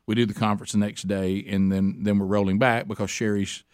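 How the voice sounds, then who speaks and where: A middle-aged man hosting a radio talk show, telling a rambling story full of restarts and animated asides. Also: fairly low pitch, a little fast, clear, resonant tone, no echo, studio quality. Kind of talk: casual storytelling chat.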